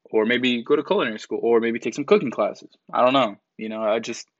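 A man's voice: mid-range voice, fairly quick, dry recording. A young man in his twenties ranting in a casual commentary vlog, blunt and profane, with many fillers and mocking quotes of others. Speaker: commentary vlogger. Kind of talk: casual rant. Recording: dry, slightly dull mic sound.

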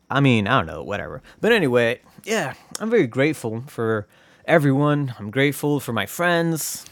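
A man's voice: mid-range voice, very animated, normal speed, no room sound. A man hosting his own podcast, talking in a rambling, casual way with lots of swearing and jokey asides. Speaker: podcast host. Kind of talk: casual solo podcast monologue.

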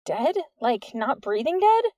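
A woman's voice: a little high, very animated, slow, darkish tone, dry recording, clean studio sound. A woman reading the part of a stubborn, sarcastic teenage girl in an audiobook, with dismissive retorts. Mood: shocked.

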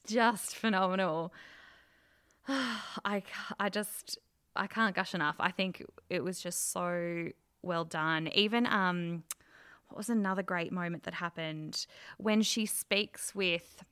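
A woman's voice: lowish voice, slow pace, fairly bright tone, clear, resonant tone. A woman co-hosting a casual film review chat, gushing with enthusiasm and acting out scenes as she retells them.

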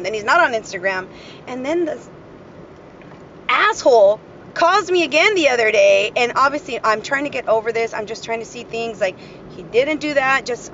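A woman's voice: on the high side, highs cut off, background noise. A woman hosting her own podcast, venting bluntly in a casual monologue and swearing freely as she retells arguments. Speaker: podcast host.

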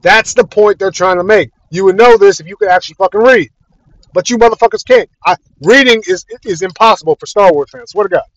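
A young man with a high-pitched voice rants casually and with exasperation about a fandom on a podcast, swearing heavily and repeating himself. He talks a little fast, and the lo-fi recording is dry and dull with no echo.

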